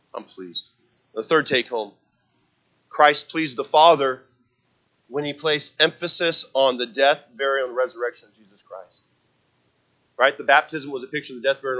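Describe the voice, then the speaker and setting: A man's voice: medium pitch, rough recording. A man preaching a sermon, quoting scripture and driving his points home with emphasis. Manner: emphatic preaching, rising and falling loudness, quotes scripture.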